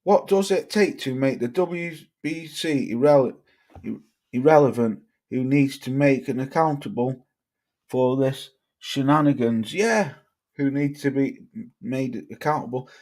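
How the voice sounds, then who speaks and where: A man's voice: mid-range voice, unhurried, darkish tone. A man from Cheshire, hosting a livestream, reading chat comments and ranting bluntly with plenty of swearing. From Cheshire, England. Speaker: livestream host.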